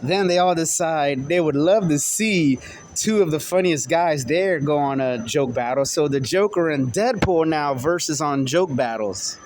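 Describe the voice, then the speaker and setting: Man improvising a story, halting. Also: a little high. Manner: halting, with fillers and restarts. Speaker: storyteller taking turns with an AI.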